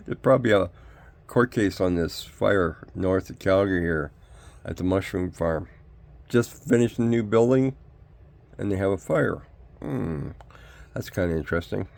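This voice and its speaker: Gravelly older man rambling. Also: on the low side. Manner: rambling, ranting, rhetorical questions. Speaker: vlogger. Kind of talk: rambling opinion monologue.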